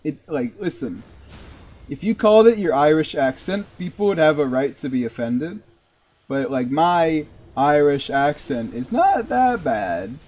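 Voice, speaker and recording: Slow, rambling male game streamer. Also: fairly high pitch, very animated, a little mellow. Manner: rambling, heavy use of "like". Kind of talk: casual live-stream commentary.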